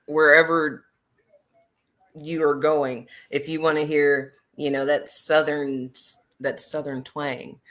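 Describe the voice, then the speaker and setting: A woman's voice: sits low, little pitch movement, slow pace, a bit bright. A woman who hosts and teaches, talking emphatically in a casual livestream discussion and speaking straight to her viewers. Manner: emphatic, addresses viewers directly. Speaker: host and teacher.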